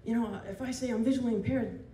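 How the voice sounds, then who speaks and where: A man doing live stand-up, telling a story in a rambling, animated way. He often laughs as he talks and breaks off into asides and restarts. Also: very high voice, quick pace, far from the mic. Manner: self-interrupting with restarts and asides. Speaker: stand-up comedian. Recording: roomy venue taped from afar. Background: audience laughter and room noise.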